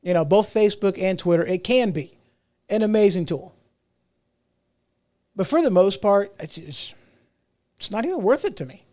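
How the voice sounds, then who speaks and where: Here a middle-aged man hosts his podcast solo, ranting casually in a high-pitched, warm, expressive voice at normal speed, pausing often. He rambles, restarts sentences and drops self-mocking asides.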